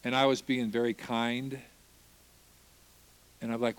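A man telling a personal testimony as a sermon, acting out the people he quotes and swinging from loud praise to hushed, tearful moments. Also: mid-range voice, measured pace, long pauses. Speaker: preacher. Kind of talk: sermon storytelling.

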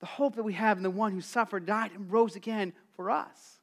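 A middle-aged male pastor preaching a sermon in a conversational, animated way, acting out quotes and calling on the congregation to answer. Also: sits high, brisk. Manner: calls for congregation responses.

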